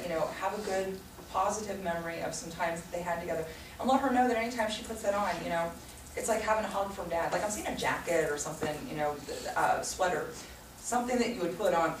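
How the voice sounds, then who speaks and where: A woman working as a psychic medium who gives a group reading to an audience, talking in a warm, chatty way full of "you know.". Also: lowish voice, far from the mic. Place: room with a small audience. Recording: echoey room recorded from afar, noisy.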